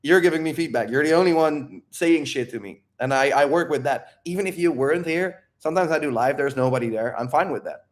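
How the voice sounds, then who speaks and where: A man pitched slightly above the usual male range, talking live to his stream audience. He speaks English as a second language and rambles in an energetic, profane flow. The talk is loose and unscripted. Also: a little fast, few pauses. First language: not English. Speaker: livestream Q&A host. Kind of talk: live unscripted monologue to chat.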